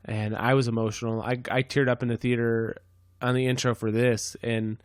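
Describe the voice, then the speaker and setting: A man hosting a casual podcast chat, talking in a rambling, halting way full of restarts. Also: mid-range voice, flat delivery, clear, resonant tone, no room sound, studio quality. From San Diego, California. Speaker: podcast host.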